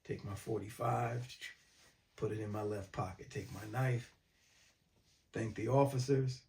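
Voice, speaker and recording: A man from mid-state New York, calmly recounting a personal story in a documentary interview. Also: lowish voice, unhurried.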